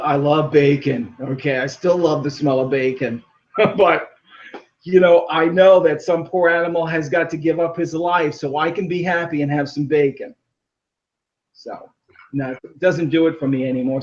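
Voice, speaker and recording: Rambling animated man on a muffled line. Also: fairly high pitch. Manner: rambling, animated, laughs often. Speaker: caller. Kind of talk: casual call-in chat.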